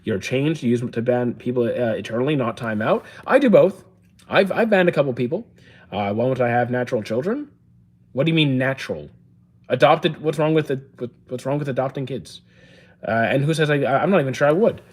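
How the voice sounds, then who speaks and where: A young man, live-streaming and casually answering chat questions, chatty and relaxed with lots of fillers and restarts. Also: mid-range voice, fairly quick. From Canada.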